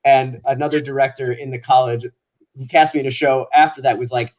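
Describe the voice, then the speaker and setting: A man from Wisconsin, telling stories as a guest on a video call, animated and quick to laugh. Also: mid-range voice. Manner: animated, laughing, swears casually. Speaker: guest actor. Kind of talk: casual storytelling in an interview.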